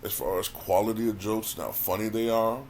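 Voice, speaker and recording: A man's voice: lowish voice, steady tone, a little fast, darkish tone, slight background noise. A man giving a casual spoken review as a commentator, conversational and repeating words as he thinks. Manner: conversational, repeats words when thinking, frequent "you know what I'm saying". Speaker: YouTube commentator reviewing a stand-up special.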